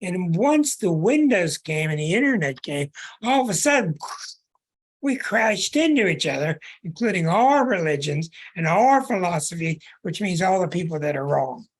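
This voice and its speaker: In a high-pitched, sing-song voice at moderate speed, a man delivers an astrology podcast monologue. His tone is earnest and preaching, with drawn-out words for emphasis and restarted phrases.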